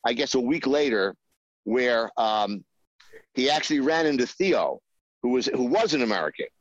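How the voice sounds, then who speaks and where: A man telling a behind-the-scenes anecdote in an interview, halting with many fillers and acting out the voices he quotes. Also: medium pitch, lively intonation, no room sound, lo-fi sound. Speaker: screenwriter guest.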